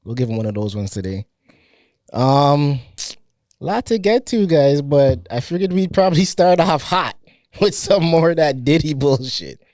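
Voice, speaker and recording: A man hosting a podcast in casual chat, loose and joking and quick to laugh. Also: a little high, animated, darkish tone, no echo, studio quality. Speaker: podcast host.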